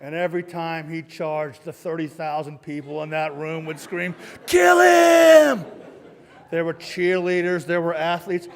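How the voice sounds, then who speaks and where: A middle-aged man telling a comic true story on a live stage, self-mocking and punchy, acting out shouts and sound effects. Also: a little high, little pitch movement, moderate pace, few pauses, slight background noise. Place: large hall, live stage. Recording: long hall reverb from a live stage.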